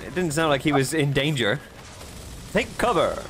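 A man's voice: mid-range voice, fast talker, a little hiss or hum. A man streaming a video game, chatting casually with a co-host and laughing often. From Canada. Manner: laughs often, animated reactions. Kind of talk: casual gaming chat.

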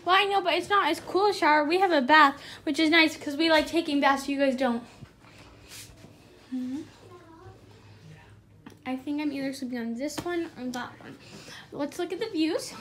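A young woman vlogging casually from a hotel room and patio, chatty and easily excited. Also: sits high, moderate pace, pauses often. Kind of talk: casual vlog chat to camera. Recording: noisy handheld camera audio.

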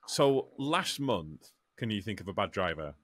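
A man's voice: lowish voice, very animated, unhurried, a bit bright, no echo, clean studio sound. A man hosting a casual podcast, talking with stammering restarts.

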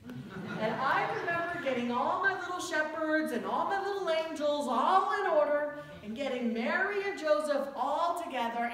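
A woman's voice: high-pitched, fairly bright tone. A woman pastor preaching a sermon, telling stories with humor and leaning into phrases. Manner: storytelling with humor, drawn-out emphatic phrases. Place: church sanctuary. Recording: echoey church heard from a distance.

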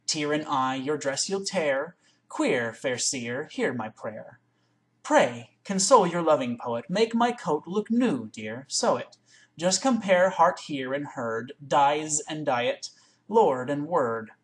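A woman reading a poem aloud in one take into a webcam, with careful, deliberate, word-by-word recitation. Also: low voice, lively intonation. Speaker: reader.

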